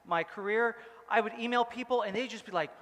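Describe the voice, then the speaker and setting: A man's voice: high-pitched, brisk, fairly bright tone, in a large hall. A male pastor giving a casual, joking sermon, rambling with many fillers. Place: church hall.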